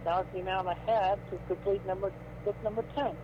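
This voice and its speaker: High-voiced man rambling on a lo-fi call. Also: fairly even intonation, noisy background. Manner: halting, rambling answers. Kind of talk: recorded phone-call conversation.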